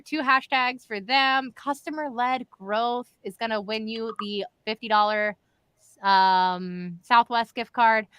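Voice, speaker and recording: Lebhafte, helle Moderatorin. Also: female voice, medium pitch, clear, resonant tone, no echo. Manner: chatty, animated, direct to viewers. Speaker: live show host. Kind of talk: casual livestream chat.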